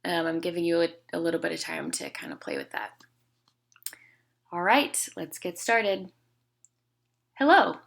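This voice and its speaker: A woman leading a group speech therapy session over a video call, giving patient step-by-step instructions and holding long, loud vowels. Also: on the low side, wildly swooping pitch, normal speed, vocal fry. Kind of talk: guided voice exercise session.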